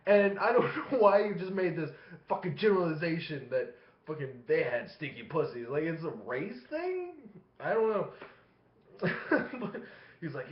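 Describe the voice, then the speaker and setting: A man's voice: fairly high pitch, expressive, normal speed. Rambling, swearing man on a lo-fi webcam. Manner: profane, rambling, laughing between phrases. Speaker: vlogger. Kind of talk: casual storytelling vlog. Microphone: webcam facing him. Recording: echoey room, dull lo-fi sound.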